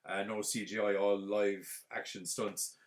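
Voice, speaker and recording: A man, hosting a podcast and retelling a film plot in a casual, rambling, animated way full of fillers. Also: on the low side, unhurried. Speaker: podcast host.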